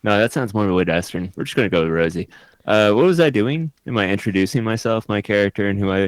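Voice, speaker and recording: A man's voice: on the low side, lively intonation, quick pace. A man introducing himself as a tabletop player, rambling and flustered, mocking himself. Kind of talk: casual chat over an online call.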